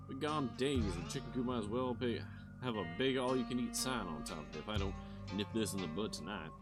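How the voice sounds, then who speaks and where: A man's voice: lowish voice, lightly acted. A man putting on a blustering rural hunter drawl. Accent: put-on rural drawl. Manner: boastful, scolding. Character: gruff rural male hunter, stubborn and blustering. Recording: music playing behind.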